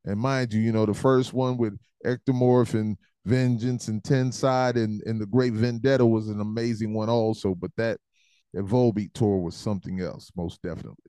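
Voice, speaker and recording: A man hosting a fan Q&A, telling lively stories about his band's tours in a casual way, often calling people "man" and acting out voices and chants. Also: lowish voice, moderate pace, clear, resonant tone, dry recording. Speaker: host answering fan questions; former vocalist of a metal band. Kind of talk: casual storytelling Q&A.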